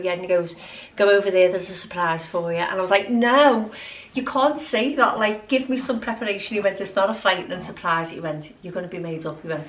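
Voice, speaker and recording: A woman's voice: medium pitch, fairly bright tone. Woman, lifestyle vlogger, casual and effusive, acts out dialogue; recorded off-mic in a roomy space. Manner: gushing, chatty storyteller acting out dialogue. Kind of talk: casual chatty vlog. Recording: roomy sound, mic at a distance.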